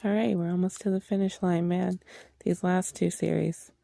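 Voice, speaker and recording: A woman giving a casual book review vlog, excitable and gushing, swearing freely as she talks. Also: lowish voice, normal speed, creaky, no room sound, clean studio sound.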